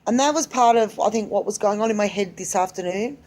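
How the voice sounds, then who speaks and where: Brisk and mid-range, with a slightly mellow tone, this woman in her forties rambles casually to her camera in a solo vlog. She keeps interrupting herself and restarting, speaking with plain candour and an easy lilt.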